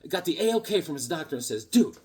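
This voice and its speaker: Husky, rambling man telling comic stories. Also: on the high side, rapid-fire. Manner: rambling, animated, lots of fillers and restarts. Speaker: comic book channel host. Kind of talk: casual storytelling vlog.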